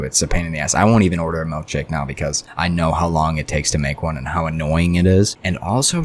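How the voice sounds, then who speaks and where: Deep-voiced young man ranting casually. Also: a little hiss or hum. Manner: profane, rambling, goes off on tangents. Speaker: storytime vlogger. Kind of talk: casual storytime rant.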